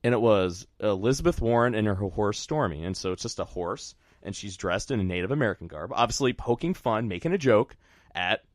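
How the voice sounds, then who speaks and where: A male radio host tells a story with a lively, swinging voice and lots of laughter. He peppers his talk with "all right" and "right?" in a loose, chatty way. The sound is dry and close, with no room echo. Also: on the low side, fairly quick. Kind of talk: casual storytelling chat.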